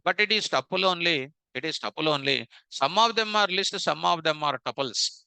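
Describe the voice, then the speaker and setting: A man's voice: a little high, normal speed, vocal fry, bright, forceful tone, clear, resonant tone, no echo, rough recording. A man teaching programming in a live coding lecture, repeating phrases and drilling students with rhetorical questions.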